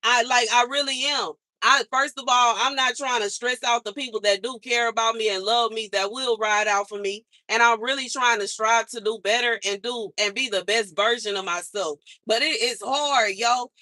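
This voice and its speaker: A woman venting to her livestream viewers in a loose, slangy rant, circling back to how tired and fed up she is. Her voice is bright and sharp-edged, and it sits dry and close with no room sound around it. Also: on the high side, fairly even intonation, moderate pace, hardly any pauses, no room sound. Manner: exasperated venting, repeats herself, slangy.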